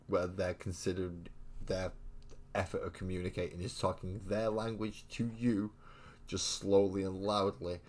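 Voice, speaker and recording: A very low-pitched English man rambles to his live-stream viewers while painting miniatures at home. He is blunt and mocking, and he swears in nearly every sentence. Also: a little mellow. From England. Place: home hobby room.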